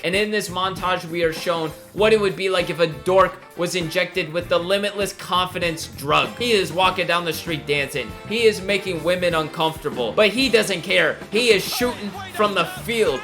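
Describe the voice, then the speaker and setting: Bright-voiced, high man doing joking movie recaps. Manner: animated, joking, acting out characters' lines. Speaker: film commentary YouTuber. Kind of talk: comedic movie recap commentary.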